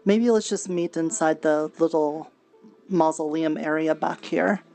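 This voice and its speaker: A woman's voice: low voice, fairly even intonation, a little slow, vocal fry, mellow, soft background music. A woman speaking in character during an online roleplay, with a quirk of adding extra plurals to words. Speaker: roleplay player.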